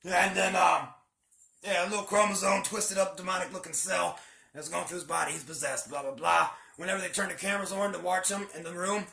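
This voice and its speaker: A man's voice: sits high, steady tone, a little fast, vocal fry, pushed and bright. A man casually retelling a story on his channel, rambling and swearing a lot in slangy talk, recorded in an echoey room. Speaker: channel host.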